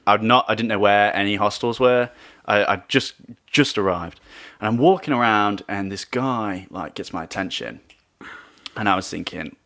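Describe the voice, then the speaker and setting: A man's voice: fairly low pitch, moderate pace, a bit bright. A man in casual podcast chat, telling a long rambling anecdote that sinks to a murmur at tense moments.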